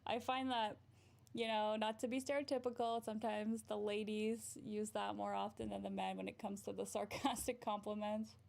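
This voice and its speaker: Bubbly, giggly woman with vocal fry. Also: mid-range voice, level tone, moderate pace, darkish tone. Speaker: therapist and livestream host. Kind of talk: casual livestream chat, reading comments.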